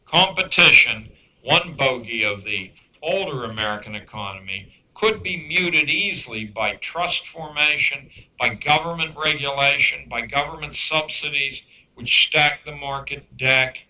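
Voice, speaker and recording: A man giving a public lecture on education, emphatic and dryly sarcastic, slowing down to stress key words. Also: mid-range voice, pushed and bright, poor audio. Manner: dry sarcastic asides.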